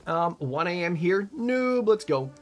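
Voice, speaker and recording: A man's voice: sits high, very animated, measured pace, soft background music. A man from Australia with an Australian accent, casually chatting and swearing while streaming a game and reading out chat.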